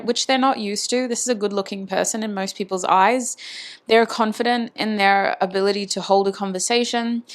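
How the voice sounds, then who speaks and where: A woman at a middle pitch gives a casual tarot reading straight to camera. She talks in a chatty, intimate way, thinking out loud and speaking fondly to her viewers. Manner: muses aloud, voices channeled messages. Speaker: tarot reader.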